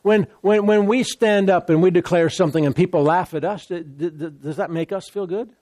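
A man preaching a sermon, emphatic and repetitive, stumbling over repeated words and breaking into laughter and loud exclamations. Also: high voice, fairly quick, no echo.

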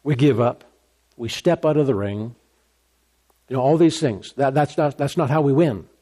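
A man preaching a sermon, emphatic and repetitive, his voice rising high when he gets excited. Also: moderate pace. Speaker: pastor.

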